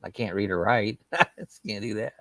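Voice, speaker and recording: A man's voice: fairly low pitch, expressive, moderate pace, a bit bright, no room sound. A middle-aged man hosting a casual livestream chat, reading out viewer comments in a folksy, rambling way with a loose, chuckling delivery. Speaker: livestream host.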